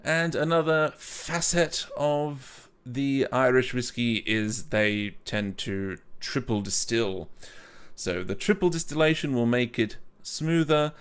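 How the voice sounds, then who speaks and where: A man's voice: medium pitch, slow, a bit bright, clear, resonant tone. A man hosting a casual whisky review, rambling and joking at his own expense, with many restarts and stumbles. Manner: rambling, jokey and self-mocking.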